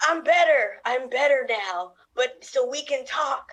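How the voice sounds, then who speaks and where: A woman's voice: high voice, animated, unhurried, fairly bright tone, heavily acted. A woman playing a lovesick, melodramatic news anchor. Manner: melodramatic, pleading. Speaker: improviser. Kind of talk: improv comedy.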